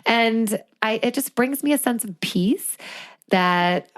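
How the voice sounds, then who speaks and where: A woman's voice: on the high side, slow. A woman in her forties co-hosting a casual podcast chat, earnest and emotional, laughing often as she talks. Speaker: podcast co-host.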